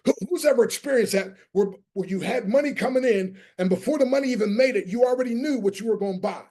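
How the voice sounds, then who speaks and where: A man's voice: very high-pitched, fast, dark tone. A man giving a motivational business talk as a guest speaker. He speaks like a preacher, drives his points home with emphasis, and spells out key words letter by letter. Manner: preacher-like, emphatic, rallies listeners. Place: online training session.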